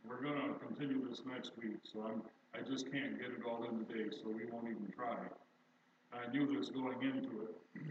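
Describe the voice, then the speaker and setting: A man's voice: medium pitch, fairly even intonation, moderate pace, slight background noise. An older male pastor preaching a sermon in a conversational, storytelling way, with self-deprecating humor. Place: church sanctuary. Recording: distant, echoey, dull church recording.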